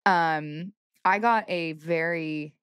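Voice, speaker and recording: A woman's voice: sits low, takes it slowly, fairly bright tone, clean tone, no echo. A young woman co-hosting a podcast, upbeat and playful, laughing easily as she chats. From United States. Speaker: podcast co-host, pro golfer. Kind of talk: casual chat.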